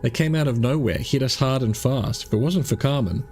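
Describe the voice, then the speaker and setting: A man's voice: mid-range voice, brisk, darkish tone, pitched above the performer's own voice, close to an everyday voice. Blunt grim spacer vet in a space game, read by a man. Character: hardened grim spacer, wary veteran.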